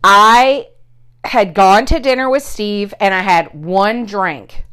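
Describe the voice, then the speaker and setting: A middle-aged woman telling a story in casual chat, animated and swearing, loudly acting out what people said. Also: mid-range voice, slow pace, clean tone.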